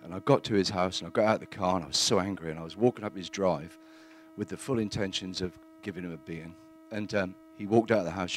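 A man's voice: deep voice, a little hiss or hum. Earnest man giving church testimony. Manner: earnest, plain-spoken, halting with fillers.

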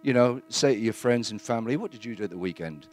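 A man giving a plain-spoken, earnest testimony in church, halting now and then with fillers. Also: medium pitch, lively intonation, darkish tone, soft background music.

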